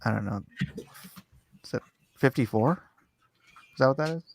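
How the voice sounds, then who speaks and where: This livestream host chats back to viewer comments he reads aloud, rambling casually and putting himself down. His mid-range voice has lively intonation at a normal speed, with a little hiss or hum in the recording.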